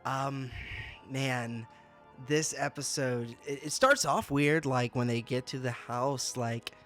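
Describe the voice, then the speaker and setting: A man's voice: medium pitch, fairly even intonation, slow, a bit bright, faint music behind. A young man hosting a casual review channel, exasperated and laughing, often stammering and repeating himself. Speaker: booktuber host.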